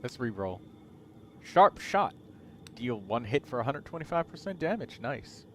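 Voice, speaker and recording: A man streaming a game, reading game text aloud in a relaxed way as casual gameplay commentary. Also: mid-range voice, measured pace, a little hiss or hum.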